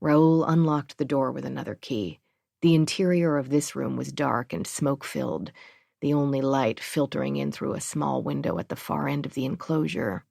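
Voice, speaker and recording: Female audiobook narrator, low register, dry and close; measured reading. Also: vocal fry, a little mellow, no echo.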